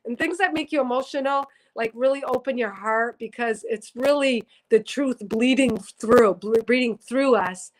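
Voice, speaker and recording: A psychic reader with a slightly high voice speaks earnestly to viewers during a casual spiritual livestream, rambling and correcting herself mid-sentence. She's teary and emotional, close to crying, talking at a moderate pace with hardly any pauses over poor audio.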